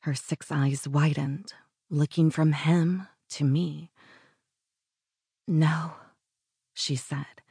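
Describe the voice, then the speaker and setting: A woman reads a first-person romance audiobook in an intimate, breathy manner, sometimes sinking to a whisper. Her voice sits low and gravelly, with an unhurried pace and a dark, husky tone. The recording is dry and close. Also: steady tone, no echo. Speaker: audiobook narrator.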